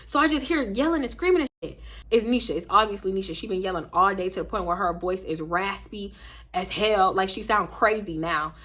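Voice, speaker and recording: Speaking in a mid-range, slightly fast, somewhat bright voice, this twenty-something vlogger relates a dramatic storytime in a Houston Black American (AAVE) accent. She performs the quoted characters and curses without holding back.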